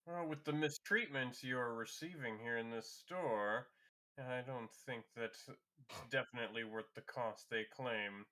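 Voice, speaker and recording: A man playing at a tabletop game, easygoing and agreeable. His voice is bright and forceful, at a middle pitch. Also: a little slow. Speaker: player. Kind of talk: casual play at the table.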